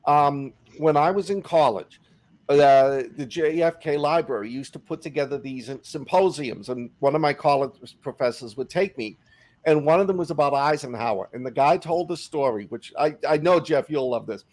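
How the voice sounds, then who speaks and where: Middle-aged male podcast co-host, fairly high voice, lively storyteller. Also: normal speed. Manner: animated anecdote-teller, acts out quotes. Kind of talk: casual storytelling chat.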